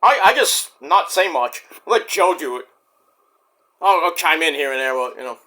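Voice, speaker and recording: Lively, bright-voiced male wrestling vlogger. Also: fairly high pitch, moderate pace. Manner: animated, rambling, jumps into sudden shouts. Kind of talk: casual ranting review.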